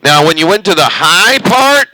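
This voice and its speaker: A man's voice: sits high, expressive, normal speed, bright, forceful tone, no room sound, rough recording. A man chatting casually on a CB radio from his bedroom, rambling with lots of fillers. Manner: rambling, folksy, hesitant fillers. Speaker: CB radio operator, channel host. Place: bedroom at home. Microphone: CB radio mic.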